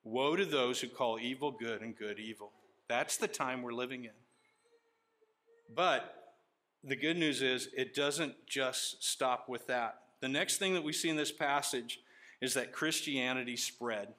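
A middle-aged man preaching a sermon as pastor, reading scripture aloud and telling stories in an animated way. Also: mid-range voice, measured pace.

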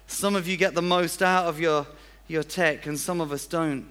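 A man's voice: a little high, steady tone, moderate pace, fairly bright tone, clear, resonant tone. Chatty man preaching. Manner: chatty, self-deprecating, acts out little scenes. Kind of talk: sermon. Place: church.

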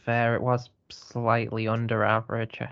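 A man's voice: medium pitch, monotone, a little slow, fairly bright tone, muffled recording. A man co-hosting a casual podcast as a reviewer, speaking bluntly and wryly, with the odd swear word.

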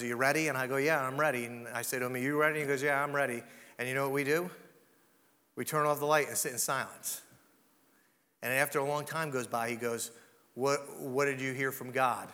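A man preaching a sermon as pastor, dramatic and dropping to a hush for emphasis. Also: mid-range voice, big-room sound.

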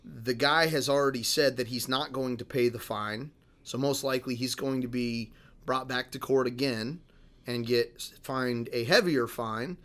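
A man's voice: mid-range voice, moderate pace, fairly bright tone. Rambling podcast co-host, man. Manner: rambling, many fillers and restarts. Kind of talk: casual chat, reading a news story.

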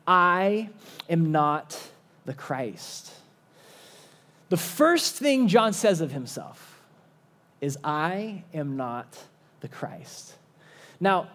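Male pastor, high voice, slow emphatic sermon delivery with long pauses.

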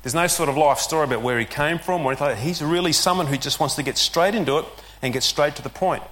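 A man preaching a sermon in an easygoing, conversational way, explaining as he goes with the odd filler. His voice sits a little on the higher side for a man. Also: fast talker, a bit bright. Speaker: pastor.

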